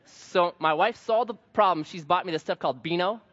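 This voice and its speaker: A man in his thirties, a pastor, preaches a sermon in a high voice at a slightly quick pace, telling stories with animation and acting out the voices of the people in them. The recording sounds dull and carries a long hall reverb.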